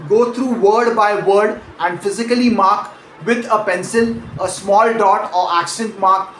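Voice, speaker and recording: High-voiced male accent coach, echoey room. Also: steady tone, unhurried, a bit bright, a little hiss or hum. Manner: explanatory, demonstrates word stress by example. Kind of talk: pronunciation lesson.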